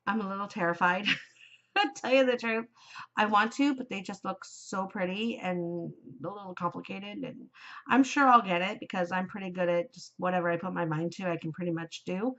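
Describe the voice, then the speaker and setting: A woman's voice: mid-range voice, moderate pace, a bit bright. Woman, 40s, craft podcast host; effusive, laughs easily; muffled lo-fi recording. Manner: gushing and chatty, often breaking into laughter. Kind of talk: casual chat.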